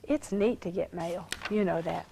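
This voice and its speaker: A woman's voice: on the low side, moderate pace, creaky, dark tone, slight background noise, low-quality recording. A woman teaching a sermon, reading scripture aloud and repeating phrases for emphasis. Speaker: Bible teacher.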